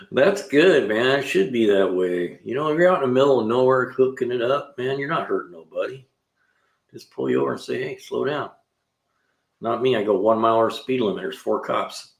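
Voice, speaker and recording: A man's voice: medium pitch, normal speed, gravelly. A man hosting a live stream in his garage, chatting casually and telling rambling stories to his viewers. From California. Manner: rambling, talkative storyteller with slang. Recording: roomy echo.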